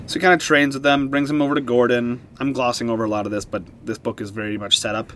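A man hosting a casual comic-book podcast, retelling the story with excited, animated energy. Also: medium pitch, quick pace, few pauses, a little hiss or hum. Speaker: podcast host.

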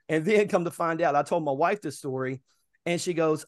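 A man's voice: fairly high pitch, fast talker, no echo, clean studio sound. A man in his thirties telling stories casually on a podcast, acting out the voices of people he met. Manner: animated, acts out other people's lines. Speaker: podcast co-host. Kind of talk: casual storytelling.

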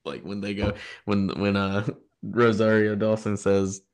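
A man's voice: fairly low pitch, monotone, unhurried. A man co-hosting a podcast, talking about movies in a rambling, enthusiastic way, with frequent restarts. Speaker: podcast co-host. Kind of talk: casual film discussion.

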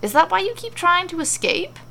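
A woman's voice: very high-pitched, sing-song, a little fast, gravelly, pushed and bright, voice pushed up, full character voice. A woman voicing a confused, nervous blond warrior man who explains himself with frustrated emphasis.

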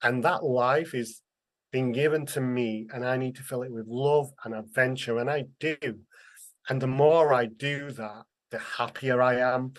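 A man's voice: medium pitch, fairly even intonation, a little slow. Earnest man. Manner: earnest, emotional, acts out quoted voices. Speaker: interview guest, author. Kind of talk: candid conversational storytelling.

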